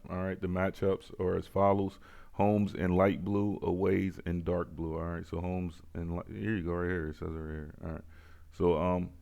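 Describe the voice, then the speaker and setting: A man's voice: low voice, creaky, a little mellow. A man hosting casual sports betting picks, laid-back and repeating himself as he talks to viewers.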